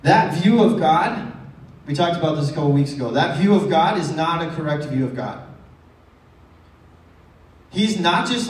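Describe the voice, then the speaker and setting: This male pastor has a high-pitched voice, and a faint hiss or hum sits under the audio. His sermon is relaxed and chatty, peppered with rhetorical questions for the congregation, and it's picked up from far back in an echoing church sanctuary.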